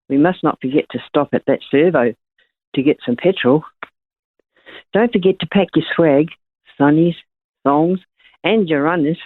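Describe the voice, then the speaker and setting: A woman's voice: sits low, dry recording. A woman calls in to a radio show and reads her own poem with a chatty manner. Her voice comes through a thin, tinny phone line. The sound is dry. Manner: chatty, reads with small laughs. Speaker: caller.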